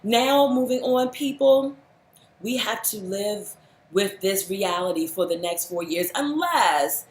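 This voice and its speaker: A woman's voice: medium pitch, animated, slow. A woman speaking straight to the camera in a heartfelt, earnest way, holding back tears and at times scolding with fired-up intensity. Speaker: vlogger. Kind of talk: emotional direct-to-camera address. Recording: roomy echo.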